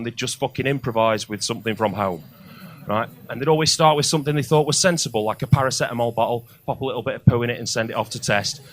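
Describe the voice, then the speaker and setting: A male comedian doing a crude stand-up set on a comedy club stage, with loud outbursts on the punchlines. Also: mid-range voice.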